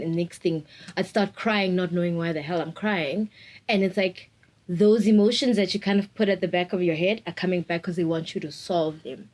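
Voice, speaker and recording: A woman's voice: lowish voice, moderate pace, a little mellow, poor audio. A woman, talking openly and reflectively in an interview and laughing often. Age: 20s. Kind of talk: candid personal interview.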